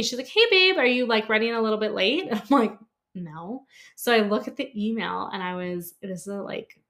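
A woman hosts her own podcast and talks straight to her listeners in a loose, storytelling way. She laughs easily, swears casually and keeps dropping "like" into her sentences. Her voice sits at an ordinary middle pitch. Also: creaky. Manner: chatty, laughs often, peppers speech with "like" and swearing. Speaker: podcast host and lash artist.

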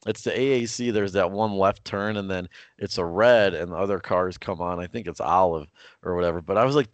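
Podcast co-host, young man, chatty and rambling, low voice, dead-dry recording. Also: fairly quick, dry recording, dull audio. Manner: rambling storytelling with many fillers and restarts. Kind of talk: casual sports podcast chat.

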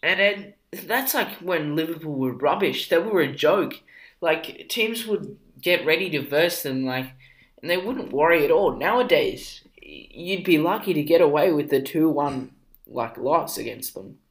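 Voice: mid-range voice, lively intonation. Young co-host chiming in on football. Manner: quick agreeing interjections. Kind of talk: casual chat.

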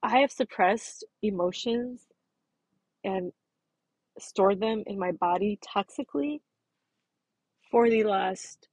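A woman's voice: medium pitch, slow, long pauses, a little mellow, no room sound. A woman in her thirties talking through a personal reflection, earnest and self-affirming, stressing her words by repeating them. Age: 30s. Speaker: podcast host.

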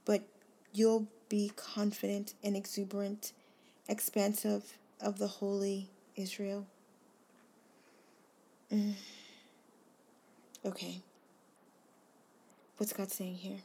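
A woman hosting a devotional, reading scripture aloud slowly and earnestly, then reflecting on it. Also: mid-range voice, completely flat delivery, husky. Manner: slow, earnest, gently emphatic reading. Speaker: devotional host.

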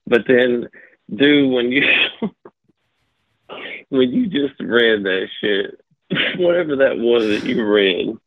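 A man's voice: medium pitch, animated, slow pace, pauses often, dry recording, narrow, tinny audio. A man calling in to a show, rambling, swearing and laughing nonstop as he talks. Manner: laughing constantly, profane and rambling. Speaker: caller. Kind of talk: casual phone call-in chat. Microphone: phone.

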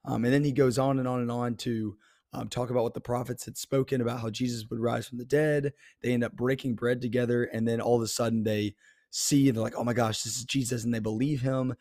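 Young man, podcast host, earnest, halting fillers, dry recording. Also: mid-range voice, level tone, warm tone, dry recording. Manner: earnest, many fillers and restarts, laughs to himself. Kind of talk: faith talk on a podcast.

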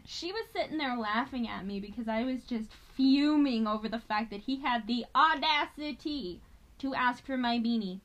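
A woman with a fairly high voice tells stories from her time as a prison officer. She is animated, curses freely, and slips into the voices of the people she describes. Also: normal speed, low-quality recording. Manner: animated, swears freely, acts out quoted voices. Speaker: podcast co-host, former prison officer. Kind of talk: casual storytelling chat.

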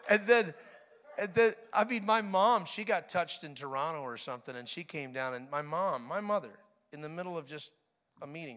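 A middle-aged male preacher giving a sermon, telling animated stories and mimicking people's laughter. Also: on the high side, brisk.

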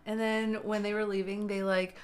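A woman's voice: medium pitch, little pitch movement, normal speed. A young woman co-hosting a podcast in casual chat, trailing off as she searches for words. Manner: chatty, trails off mid-sentence searching for words. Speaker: podcast co-host.

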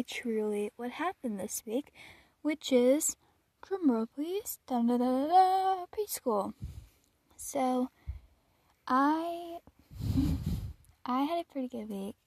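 A teenage girl rambles casually through her week, a little out of breath, with fillers and small laughs. Her voice sits fairly high but sounds mellow and slightly husky. The recording is dry and close. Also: no echo. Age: teens. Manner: rambling, chatty, with frequent fillers and soft laughs. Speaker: podcast host. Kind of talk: casual personal chat.

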